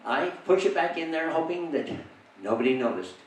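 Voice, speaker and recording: A man's voice: a little high, expressive, moderate pace. A man doing a magic act on stage, keeping up a rambling, jokey patter as he explains the trick. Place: theatre stage. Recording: very echoey theatre from far off.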